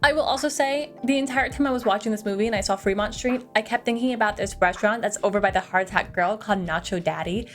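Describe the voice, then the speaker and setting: A woman's voice: mid-range voice, quick pace, few pauses, soft background music. Chatty young woman recapping a movie. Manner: chatty, filler-heavy, swears freely. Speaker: movie reviewer.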